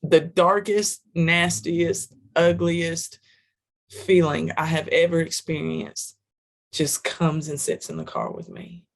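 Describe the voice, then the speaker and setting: A woman's voice: deep voice, expressive, slow pace. A woman telling a personal story in a podcast interview, vivid, repetitive and emphatic. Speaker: guest, trucking wellness business owner.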